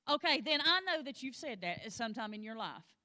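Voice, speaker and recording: A woman's voice: fairly high pitch, sing-song, fairly quick, sharp tone. A woman teaching a Sunday school lesson, plain-spoken and folksy, with joking asides, and urging the class on directly.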